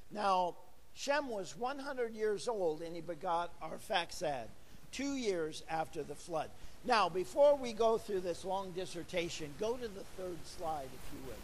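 A man's voice: sits high, animated, unhurried, long reverb tail, slight background noise. A middle-aged man preaching a sermon in a church, talking with the congregation and asking them questions. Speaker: pastor.

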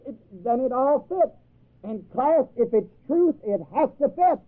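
A man's voice: extremely high pitch, lively intonation, a little slow. A man teaching a Bible class in a sermon style, emphatic, quizzing his listeners with questions. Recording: tinny phone-like old tape.

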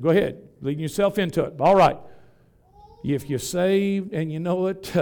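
A man's voice: high-pitched, darkish tone. A man, a Pentecostal bishop, preaching a sermon to a congregation in a church, with a rhythmic, folksy style and questions thrown to the crowd.

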